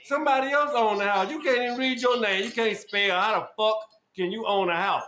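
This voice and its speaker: A man hosting a podcast who berates his guest in a loud, repetitive, profane rant. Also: high-pitched, fairly quick. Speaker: podcast host. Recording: echoey room with faint noise.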